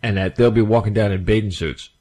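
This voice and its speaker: A man's voice: on the low side, quick pace, darkish tone. A man hosting a radio talk show, chatty and often stumbling over his words. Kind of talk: casual radio chat.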